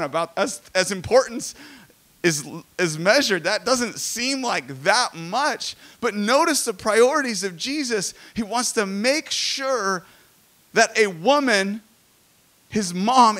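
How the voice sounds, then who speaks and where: A man in his forties preaching a sermon in a conversational, animated way with jokey asides. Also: sits high. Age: 40s. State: emotional. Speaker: pastor.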